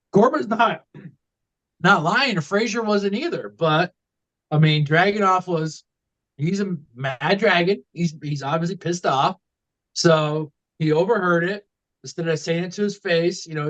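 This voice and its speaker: A man's voice: fairly high pitch, muffled recording. A man co-hosting a casual wrestling podcast, rambling with lots of fillers and restarts. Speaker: podcast co-host.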